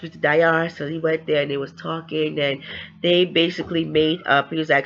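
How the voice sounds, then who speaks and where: Excitable man recapping a novel. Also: a little high, normal speed. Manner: chatty and excitable, acts out the characters' lines. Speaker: book reviewer. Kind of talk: casual book recap. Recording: slightly lo-fi.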